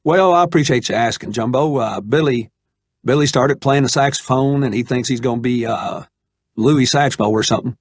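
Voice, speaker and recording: A man playing a laid-back middle-aged Arkansas man, talking in an easygoing, calming drawl. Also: mid-range voice, moderate pace, no room sound, studio quality, close to an everyday voice.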